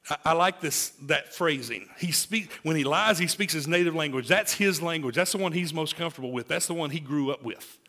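Man in his forties, pastor delivering a sermon; gravelly, slightly high voice, jokes a lot, punches key lines then drops low. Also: a little fast, hardly any pauses. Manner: lively, joking, swings from loud emphasis to hushed asides.

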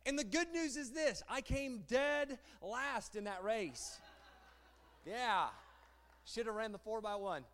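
A married man preaching a sermon as pastor, animated and rhetorical, often repeating phrases. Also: very high voice, slow. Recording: long hall reverb.

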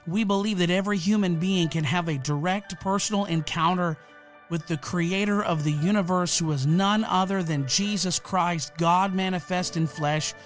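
A man's voice: high-pitched, normal speed, soft background music. A man hosting a podcast, delivering a fired-up, emphatic, preacherly monologue into a close mic. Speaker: podcast host.

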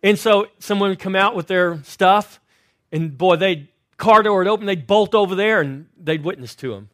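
A man preaching a sermon as pastor in a church, telling stories animatedly and swinging from loud to hushed. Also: high-pitched, normal speed, no echo, clean studio sound. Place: church sanctuary.

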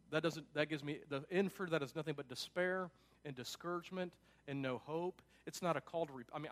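A pastor with a notably high-pitched male voice delivers a sermon in an easygoing, conversational way. He leans hard on key points and drops in casual asides as he goes. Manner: emphatic, casual asides with frequent "like".

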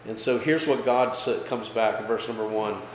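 A man's voice: on the low side, moderate pace. A male pastor giving a casual, conversational Bible study, often checking in with his listeners and lifting his voice for emphasis. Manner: casual, checks in with listeners with frequent "okay?" and "right?"; lively, pushes his voice up for emphasis. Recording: echoey hall with faint background noise.

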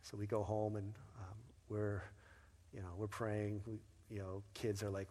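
Man, pastor, sermon storytelling, conversational, husky voice, reverberant church hall. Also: on the low side, little pitch movement, normal speed, mellow. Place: church sanctuary. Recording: long reverb of a large hall.

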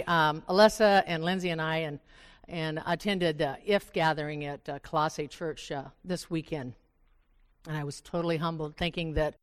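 A woman's voice: on the low side, clean tone, in a large hall. An older woman from Oregon, a Bible study speaker, telling a funny story to a group of women and acting out her own asides. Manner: animated, self-mocking storyteller who acts out her own asides. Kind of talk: storytelling talk to a live group. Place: church meeting room.

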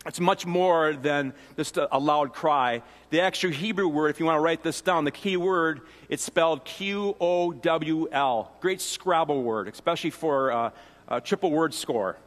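A pastor giving a sermon in a relaxed, conversational teaching manner, often restarting phrases and adding asides. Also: male voice, fairly high pitch, normal speed. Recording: long reverb of a large hall.

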